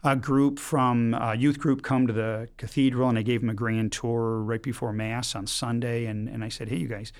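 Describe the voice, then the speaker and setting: A middle-aged man from Michigan, a priest guest, telling stories in a lively way with quick bursts and many restarts. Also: mid-range voice, clear, resonant tone. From Michigan, United States. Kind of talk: casual storytelling chat.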